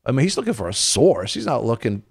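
Man preaching in a lively, conversational way. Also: medium pitch, fast talker, husky. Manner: animated, acts out quoted voices. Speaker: minister on a faith talk show.

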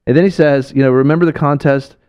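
A man's voice: mid-range voice, steady tone, quick pace, smooth, lo-fi sound. A man hosting a religious broadcast, preaching with a fervent, exhorting delivery and repeating phrases for emphasis.

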